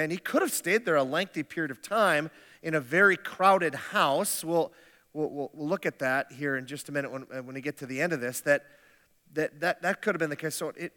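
A man's voice: fairly high pitch, bright, forceful tone. Man preaching in a reverberant hall. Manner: conversational, humorous, with frequent restarts. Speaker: pastor. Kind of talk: sermon.

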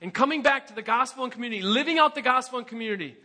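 Male pastor delivering an emphatic sermon, very high voice, bright and forceful. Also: rapid-fire. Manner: earnest, emphatic preaching with rhetorical questions.

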